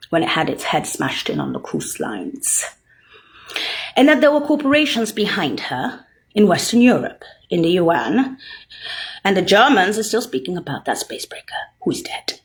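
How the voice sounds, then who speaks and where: A woman in a profane, rambling rant, mocking and swearing heavily, jumping between loud outbursts and low muttering. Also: very animated, moderate pace, gravelly.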